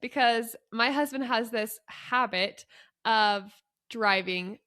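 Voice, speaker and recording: A woman's voice: a little high, takes it slowly, pushed and bright. A woman co-hosting a podcast, chatting casually and laughing easily. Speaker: podcast co-host. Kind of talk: casual chat.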